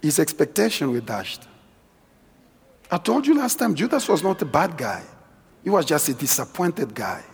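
A middle-aged man preaching a sermon as guest preacher in a large church hall, swinging from quiet asides to shouted exhortation. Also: normal speed, long pauses. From South Africa. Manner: animated, shifts from low asides to shouted exhortation. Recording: husky voice with long church-hall reverb.

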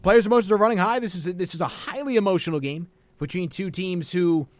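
A man's voice: sits high, fast, no room sound. A young man hosting a college radio sports show, teasing his co-host and speaking like an announcer. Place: radio studio.

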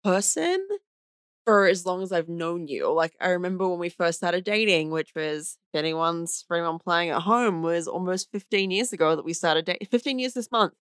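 A woman's voice: fairly low pitch, animated, moderate pace, fairly bright tone, smooth, no room sound, clean studio sound. A woman in her thirties from Australia, chatting casually on a podcast and laughing often. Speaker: podcast guest, host's wife. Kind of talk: casual chat.

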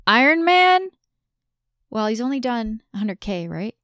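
Host: woman, high and very animated, upbeat, laughs a lot, dry close mic. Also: measured pace, clean tone, no echo. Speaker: podcast co-host. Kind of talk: casual interview chat.

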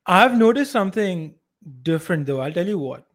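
A man co-hosting a podcast, talking in a relaxed, conversational way and swearing casually. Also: high-pitched, normal speed. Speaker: podcast co-host.

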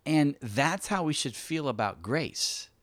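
A man co-hosting a casual faith discussion, telling stories with lively asides and acting out quoted speech. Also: fairly high pitch, slow, no room sound. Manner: animated storytelling, acts out quoted speech.

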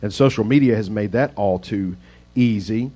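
Pendeta pria yang santai dan mengobrol. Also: male voice, lowish voice, normal speed, dark tone. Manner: casual, self-deprecating, rambling asides. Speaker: pastor. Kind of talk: conversational sermon.

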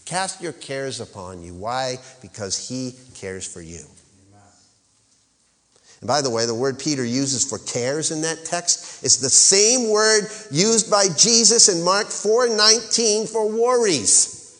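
A male pastor preaches a sermon, building to emphatic peaks and calling for his congregation to respond. His voice is a little high, animated and a bit bright, his pace slow, and a long reverb tail follows his words.

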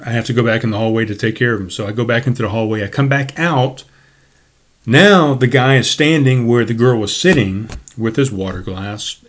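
Profane, rambling male podcast storyteller. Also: medium pitch. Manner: profane, rambling, with frequent self-corrections. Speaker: podcast host and bartender. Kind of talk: casual storytelling monologue.

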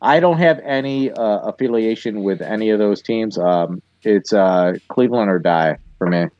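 An easygoing man from Ohio co-hosting a podcast, his voice a little low. He talks haltingly with hesitant fillers, and the sound is dry and a bit dull. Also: darkish tone, no room sound. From Ohio, USA. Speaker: podcast co-host. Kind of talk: casual chat.

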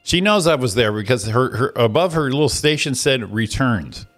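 A morning radio host with a mid-range voice rants casually through an exasperated, profane story, acting out the people in it with animated quoted voices. He speaks at normal speed over faint background music.

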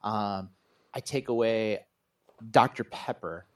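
A pastor and author appears as an interview guest, speaking earnestly and reflectively in spiritual terms. His voice is on the low side and his pace slow, suited to a reflective conversation.

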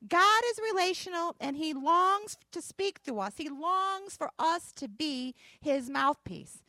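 High, lively woman pastor preaching. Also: measured pace, hardly any pauses, no room sound. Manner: folksy storytelling with emphatic declarations. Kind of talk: sermon with personal story.

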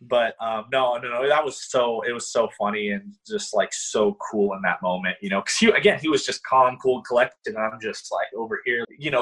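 Excitable young man with a husky, bright voice. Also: medium pitch, normal speed, hardly any pauses, poor audio. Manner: animated, excitable, many fillers like "like" and "you know". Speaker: former college baseball player, guest. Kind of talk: casual interview storytelling.

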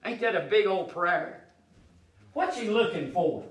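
A man's voice: high-pitched, lively intonation, unhurried, pauses often. A man preaching a sermon, emphatic and repetitive, building in intensity.

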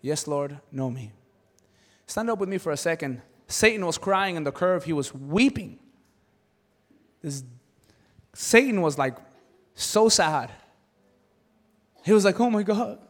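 A man preaching a sermon as pastor, animated, acting out quoted voices in his stories. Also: on the high side, measured pace, pauses often. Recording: long hall reverb.

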